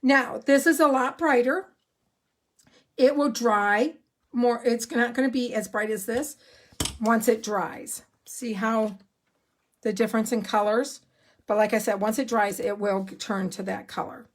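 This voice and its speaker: Chatty high-voiced woman demonstrating crafts. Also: measured pace. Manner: chatty, excitable, rambling. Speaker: card-making demonstrator. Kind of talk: live crafting tutorial.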